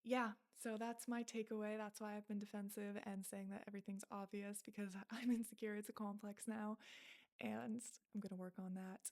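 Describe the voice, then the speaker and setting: A woman's voice: mid-range voice, little pitch movement, normal speed, a little mellow. A woman in her twenties talking to camera in a casual, self-reflective vlog, with lots of fillers. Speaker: content creator.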